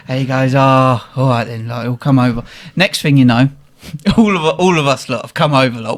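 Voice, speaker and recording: A young man, animated and swearing as he tells a funny story in casual chat. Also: mid-range voice, normal speed. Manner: animated, swearing, laughing at his own story. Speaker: guest telling a story.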